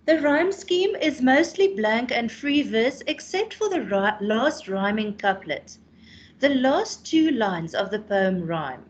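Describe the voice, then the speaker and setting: A woman's voice: fairly high pitch, sing-song, slow, highs cut off. A South African woman teaching a class online, explaining a poem and often ending with "hey?".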